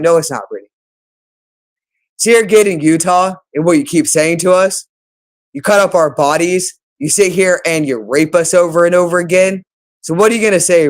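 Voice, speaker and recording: A woman hosting her own channel, delivering an agitated, accusatory, profanity-laced monologue. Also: on the low side. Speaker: channel host. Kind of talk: unscripted monologue to camera.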